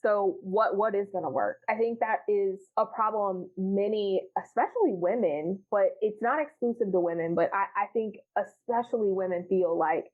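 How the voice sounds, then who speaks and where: A woman's voice: mid-range voice, normal speed, few pauses. A woman chatting candidly as a podcast guest, frank and profane, laughing often and acting out her past self. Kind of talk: candid casual chat. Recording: tinny phone-like line.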